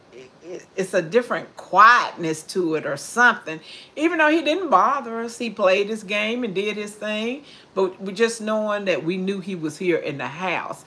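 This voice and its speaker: A woman's voice: on the low side, a bit bright. An older woman chatting casually on her cooking livestream, heartfelt and reading out viewer comments. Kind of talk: casual chat.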